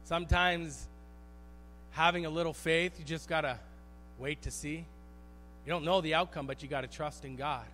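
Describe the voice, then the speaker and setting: High-voiced male pastor preaching a sermon. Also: moderate pace, pauses often, a little hiss or hum. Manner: animated storytelling, acts out quotes, repeats phrases for emphasis. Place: church sanctuary.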